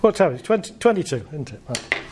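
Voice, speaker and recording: A man working as a therapist, calmly guiding a group through a visualization exercise and laughing lightly between points. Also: fairly high pitch, quick pace, noisy background.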